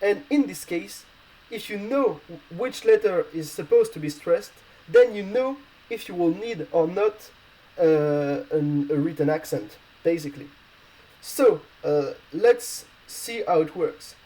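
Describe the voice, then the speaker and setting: A man whose first language is not English, explaining grammar rules as a language teacher, halting often with fillers and correcting himself. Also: a little high, dark tone, rough recording. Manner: hesitant, halting, many fillers and self-corrections.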